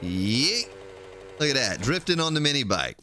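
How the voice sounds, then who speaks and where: A man's voice: mid-range voice, sing-song, normal speed, bright, forceful tone, a little hiss or hum. A man streaming a game, chatting casually and thinking aloud as he plays. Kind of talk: casual gameplay commentary.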